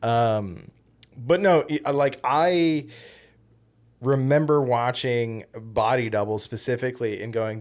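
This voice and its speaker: A man's voice: mid-range voice, slow pace. A man co-hosting a podcast, chatting casually about films, rambling with frequent ums and restarts. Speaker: podcast co-host. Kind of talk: casual film-discussion chat.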